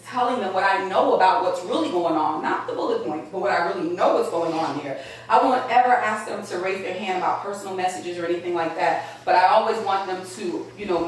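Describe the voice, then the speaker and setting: A woman from Georgia, a motivational speaker talking to a meeting in a lively, emphatic way. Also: medium pitch. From Georgia, USA. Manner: lively, emphatic, laughing often. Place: meeting room. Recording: echoey room, distant mic, faint noise.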